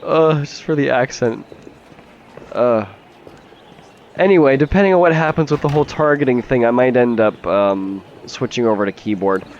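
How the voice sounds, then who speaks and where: A man's voice: mid-range voice, moderate pace, a little mellow, dull audio, slight background noise. A man giving casual, chatty gameplay commentary as a let's play host, swearing freely and laughing easily.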